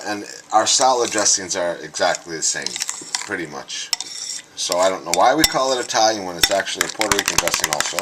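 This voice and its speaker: Low male home-cook host, chatty and easygoing, clattering kitchen behind. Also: background noise. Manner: chatty, talks to viewers as "guys" while working, with frequent restarts. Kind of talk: casual cooking demonstration. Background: clattering dishes, cutlery and stirring.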